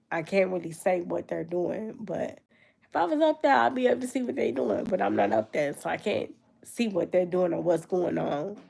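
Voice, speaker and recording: Young woman vlogger, home room, gravelly fry, loose reflective chat. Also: medium pitch, mellow. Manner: reflective, loose and conversational, many fillers. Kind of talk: casual talk to camera. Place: her grandmother's room at home.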